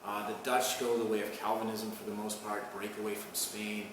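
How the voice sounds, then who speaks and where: A man's voice: lowish voice, flat delivery, brisk. A man giving a recorded college history lecture in a conversational way. He keeps checking in with "okay?" and "right?" and often restarts his phrases. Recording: echoey far-off room mic with noise.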